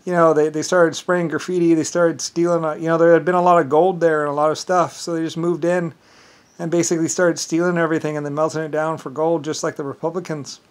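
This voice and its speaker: A man speaking in a rambling, casual monologue, meandering and halting, with many fillers and restarts. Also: on the high side, flat delivery.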